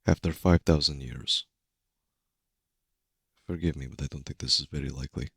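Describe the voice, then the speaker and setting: A man playing his character in a tabletop game, speaking in an earnest, measured way with a husky voice. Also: a bit bright, no echo, studio quality. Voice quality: very deep, gravelly and husky. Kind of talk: in-character role-play.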